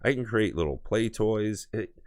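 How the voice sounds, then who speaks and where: A man's voice: fairly low pitch, expressive, moderate pace. An American man co-hosting a casual podcast from home over a remote call, rambling and enthusiastic, with many fillers. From United States. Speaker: podcast co-host. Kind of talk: casual chat.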